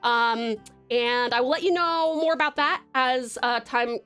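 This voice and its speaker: Bubbly high-voiced Australian woman streamer. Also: a little slow, fairly bright tone, clean tone, faint music behind. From Tasmania, Australia. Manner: bubbly and gushing, many fillers and restarts. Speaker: livestreamer. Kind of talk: casual live-stream chat with viewers.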